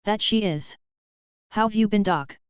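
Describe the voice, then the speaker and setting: A woman's voice: medium pitch, measured pace, smooth, no echo, close to an everyday voice. A woman narrator voicing an eager, clever young male scientist, lightly voiced within the narration. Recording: dull lo-fi recording.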